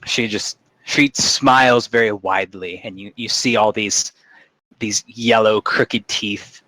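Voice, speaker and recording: A man's voice: lowish voice, steady tone, takes it slowly, sharp tone, dry recording, low-quality recording. A man narrating as game master of a tabletop game, casual and full of restarts.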